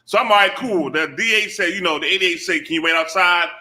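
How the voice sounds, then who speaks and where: A man on a talk show telling a personal story with animated energy, acting out the voices of the people he quotes. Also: high voice, fast. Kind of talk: casual storytelling.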